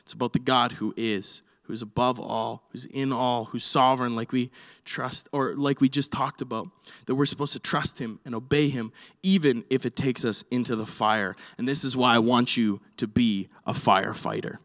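Animated male preacher in a reverberant hall. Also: medium pitch, normal speed. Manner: animated, swings from quiet to shouting. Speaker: pastor. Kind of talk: sermon with Bible reading.

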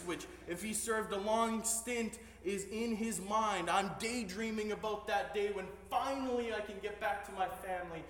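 A male pastor preaching a sermon, moving between hushed storytelling and rising, emphatic preaching. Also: high-pitched. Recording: echoey hall, voice heard from a distance.

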